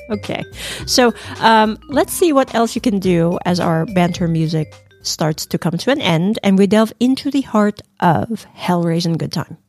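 A woman's voice: lowish voice, animated, unhurried, darkish tone, faint music behind. A woman co-hosting a fan podcast in casual chat, with an easygoing, teasing manner. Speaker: podcast co-host.

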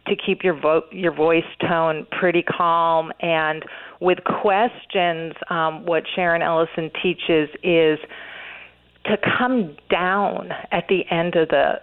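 A woman's voice: on the low side, steady tone, slow. A woman being interviewed, talking earnestly with many fillers and restarts. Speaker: interview guest, author. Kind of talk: radio interview, conversational. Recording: phone-line interview audio.

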